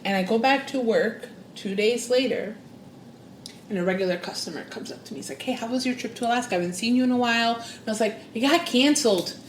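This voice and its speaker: A woman, guest on a podcast, telling a personal story with lively, expressive delivery and acting out the voices she quotes. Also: fast talker, roomy sound, slight background noise. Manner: expressive, acts out quoted voices with big pitch jumps. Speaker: guest psychic and spiritual coach. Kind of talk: animated storytelling in interview.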